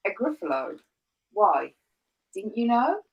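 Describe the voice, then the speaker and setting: Sly little mouse, storybook reading, light lively voice, as a woman reads it. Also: mid-range voice, takes it slowly, breathy edge, lo-fi sound, pitched above the performer's own voice, heavily acted. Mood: cunning. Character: timid but clever little mouse. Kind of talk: reading a picture book aloud. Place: home, livestream.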